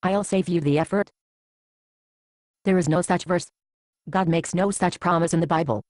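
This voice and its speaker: Woman playing a blunt churchgoing friend, low voice, dry close sound, teasing, amateur Bible drama. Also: moderate pace, darkish tone, no room sound, close to an everyday voice. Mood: matter-of-fact.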